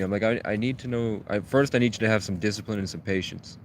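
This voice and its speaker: Holding his phone at arm's length, a man livestreams from the woods, telling a rambling, agitated story full of profanity in a casual way. His voice is fairly low and a little fast, with a bit of hiss or hum.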